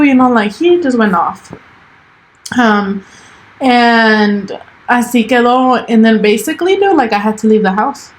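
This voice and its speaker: This podcast co-host, a young woman, recounts a story casually, mixing English with Spanish and leaning heavily on "like" and "dude." Her slightly high voice sounds animated yet unhurried, and the recording is rough.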